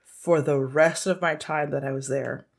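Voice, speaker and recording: A woman co-hosting a podcast, chatting casually and telling animated stories with quoted voices and frequent laughter. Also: sits low, normal speed, vocal fry. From United States. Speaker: podcast co-host. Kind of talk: casual chat.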